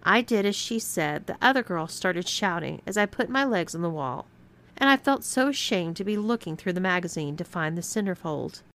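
A woman reading a scripted first-person story aloud as narrator, with expressive storytelling. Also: on the low side, moderate pace.

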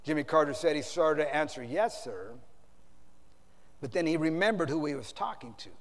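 High-voiced preacher in an echoing hall. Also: male voice, fast talker. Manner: dramatic storytelling, swinging between loud and hushed. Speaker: pastor. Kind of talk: sermon. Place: large conference hall. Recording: reverberant large hall.

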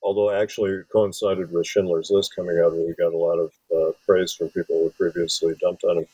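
A man from Wisconsin, an author and film scholar, gives long, rambling interview answers packed with restarts and fillers. His low, husky, warm voice is level in tone and brisk, with no room sound but poor audio.

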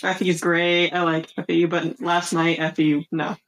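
This woman co-hosts a casual podcast, giving short, blunt replies with some playful swagger. Her voice sits somewhat low for a woman. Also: little pitch movement, unhurried, poor audio. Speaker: podcast co-host. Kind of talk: casual chat recapping wrestling shows.

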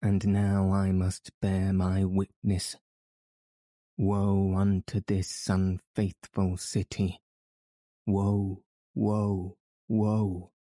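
A man's voice: low voice, completely flat delivery, extremely slow, warm tone, no room sound, clean studio sound. A man reading an audiobook, voicing a frenzied, guilt-ridden curate who wails and rants about judgment. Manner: ranting, wailing, declamatory.

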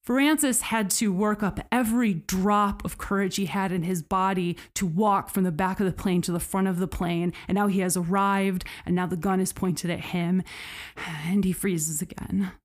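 A woman's voice: mid-range voice, fairly even intonation, moderate pace. Casual woman telling a true story. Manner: conversational, with frequent fillers and restarts. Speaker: podcast host.

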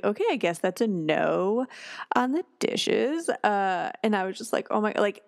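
Chatty woman with a low voice. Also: creaky, dry recording, clean studio sound. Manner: chatty, many fillers and self-corrections. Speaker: podcast host. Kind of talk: casual storytelling.

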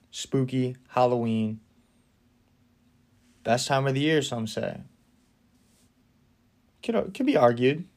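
A young man hosting a casual solo podcast, talking enthusiastically and with firm opinions, often laughing between remarks. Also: medium pitch. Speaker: podcast host.

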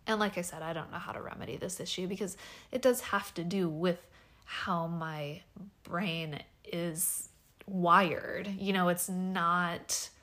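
Woman, 30s, solo podcast host; slightly low pitch, hesitant, soft-spoken delivery full of fillers. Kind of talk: casual personal podcast monologue. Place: home bedroom.

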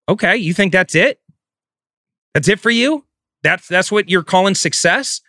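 Intense, brightly forceful man coaching. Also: high voice, expressive, unhurried, pauses often, dry recording, studio quality. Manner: intense, profane, emphatic delivery. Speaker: real estate coach. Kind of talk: motivational talk.

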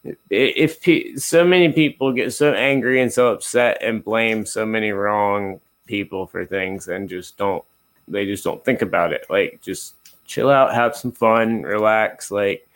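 A man's voice: on the low side, a bit bright. A man in a casual interview, speaking as a guest. He talks in an easygoing, rambling way with lots of restarts. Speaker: guest, card collector and dealer.

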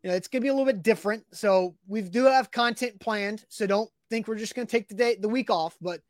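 A man's voice: high voice, fast, no room sound, clean studio sound. A man co-hosting a casual morning sports show, talking in a loose, rambling way and laughing readily. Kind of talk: casual sports radio chat.

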